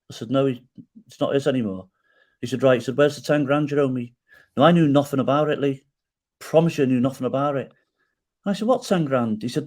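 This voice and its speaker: Animated middle-aged man telling a story. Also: medium pitch. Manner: animated storyteller who acts out quoted dialogue and tags lines with "right?". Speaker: podcast guest. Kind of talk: storytelling in a podcast interview.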